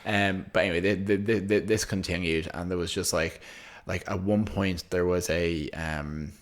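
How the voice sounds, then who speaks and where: A man's voice: low-pitched, steady tone, normal speed. A man co-hosting a podcast, telling a long anecdote in casual chat with lots of restarts. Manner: rambling, with frequent restarts. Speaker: podcast co-host.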